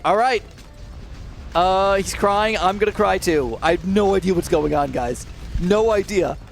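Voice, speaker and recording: A young man commentating his gameplay, swinging between low mutters and high, alarmed shouts. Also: measured pace, vocal fry, faint music behind. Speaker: gaming commentator.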